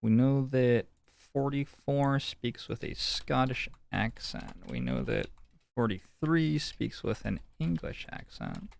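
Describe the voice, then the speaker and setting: Gravelly, drawling man streaming a game. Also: mid-range voice, sing-song, takes it slowly. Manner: playful, jokey musing aloud. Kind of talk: casual gameplay commentary.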